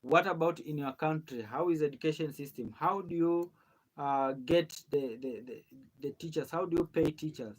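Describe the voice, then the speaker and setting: A man hosting a casual online group chat, asking halting questions and repeating words as he searches for them. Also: on the high side. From Kenya.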